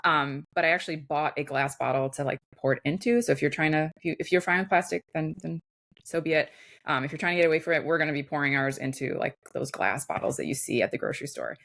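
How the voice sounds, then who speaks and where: A woman from Chicago with a Midwestern accent, co-hosting a podcast in relaxed, chatty talk full of fillers and laughs. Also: sits low, fast talker, vocal fry. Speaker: podcast co-host. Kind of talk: casual chat.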